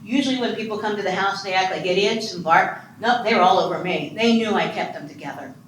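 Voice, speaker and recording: A woman in her sixties from Ohio giving an animated, humorous keynote talk on adoption and quizzing her audience. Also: medium pitch, fast. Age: 60s. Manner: animated, chatty, self-deprecating humor. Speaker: conference speaker on foster care and adoption. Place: conference hall. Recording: echoey room with faint noise.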